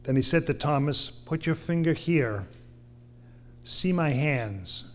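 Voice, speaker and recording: A man's voice: a little high, animated, takes it slowly. Earnest male preacher reading scripture. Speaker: pastor. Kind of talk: sermon.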